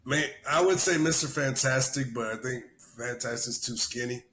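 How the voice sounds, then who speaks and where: A man's voice: mid-range voice, normal speed, fairly bright tone, slight background noise. A man hosting a podcast in casual chat, rambling and swearing constantly as he tells stories. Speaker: podcast host, army veteran.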